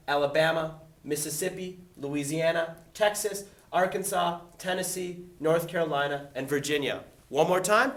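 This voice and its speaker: Lively jokey male teacher. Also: a little high. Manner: lively, jokey, acts out quick voices. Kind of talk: casual test review lesson.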